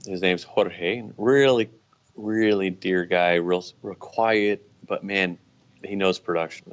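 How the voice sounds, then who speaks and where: A man, a guest business owner, telling stories in a relaxed, casual way with many restarts. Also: deep voice. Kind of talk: casual storytelling.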